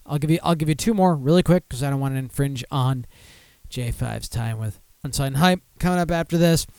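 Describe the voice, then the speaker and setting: A man's voice: mid-range voice, fairly quick, gravelly, darkish tone, dry recording, clean studio sound. A man hosting a casual live beer podcast, rambling to himself and breaking into mock-outraged outbursts. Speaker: podcast host. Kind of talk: casual live show chat.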